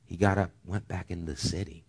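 A man's voice: deep voice, level tone, a little fast, gravelly, slightly rough. Earnest middle-aged male pastor preaching. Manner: earnest, swings from loud emphasis to hushed near-whispers. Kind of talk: sermon.

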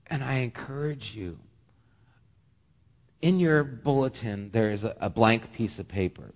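A man's voice: medium pitch, a little slow, long pauses. A man preaching as pastor, earnest and heartfelt, often stammering and repeating words. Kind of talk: sermon. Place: church sanctuary. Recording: long reverb of a church hall.

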